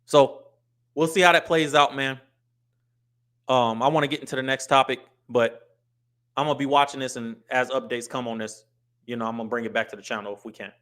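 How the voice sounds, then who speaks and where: A man's voice: mid-range voice, fairly quick, long pauses. A middle-aged American man hosting his own show, talking casually to camera and acting out voices to make his points. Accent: US English. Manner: animated, acts out street and business voices. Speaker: host.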